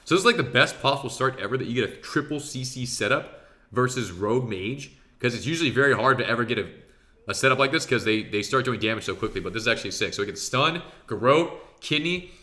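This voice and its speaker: A man talking viewers through his own match in a loose, excitable way, dropping swears as he goes. His voice is bright and forceful, with a punchy edge. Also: medium pitch, fast. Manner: excitable and profane, talks straight to viewers. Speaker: professional arena player reviewing his match. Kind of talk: casual gameplay commentary.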